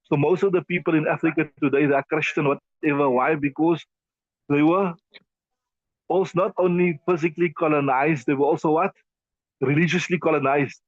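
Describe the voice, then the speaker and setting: A man's voice: on the high side, steady tone, a little fast, dry recording. A man teaching a Quran commentary class in a conversational, emphatic way, often repeating himself and using fillers. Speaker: Islamic teacher. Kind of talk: tafsir class lecture. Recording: dull lo-fi dry sound.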